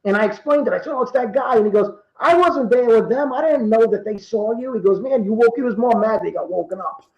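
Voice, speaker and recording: A man in his fifties from Rhode Island, telling true stories in casual talk and acting out the quoted dialogue with lively energy. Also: extremely high pitch, quick pace, creaky, reverberant, highs cut off. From Rhode Island, USA. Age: 50s. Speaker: guest. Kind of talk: casual storytelling.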